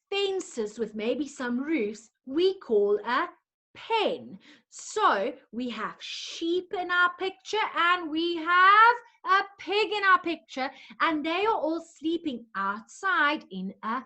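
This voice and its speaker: A woman's voice: sits high, sharp tone. A woman teaching a lesson to young children in a coaxing, sing-song way, making animal sounds along the way.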